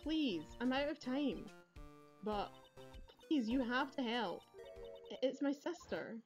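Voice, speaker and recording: A woman's voice: fairly high pitch, sing-song, fairly quick, dull audio, pitched above the performer's own voice. A woman voicing a pushy young woman seeking a lawyer in a game, reading her lines in an urgent, insistent way over faint game music.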